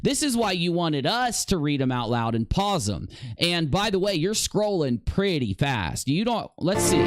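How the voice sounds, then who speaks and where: A man's voice: sits high, very animated, normal speed, few pauses, soft background music. A man giving accusatory, sarcastic reaction commentary over a video, with profanity. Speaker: commentary YouTuber.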